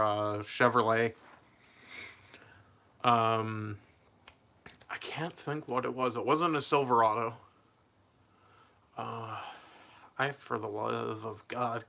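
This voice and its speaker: A man's voice: mid-range voice, creaky, sharp tone. A young man telling a personal story in a casual, rambling way, laughing mid-sentence and losing his train of thought.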